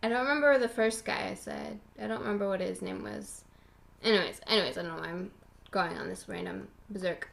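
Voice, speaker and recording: A woman's voice: mid-range voice, fairly quick, vocal fry. A young woman hosting her own podcast from home at a computer, rambling in loose casual chat, full of "like" fillers and the odd swear. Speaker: podcast host.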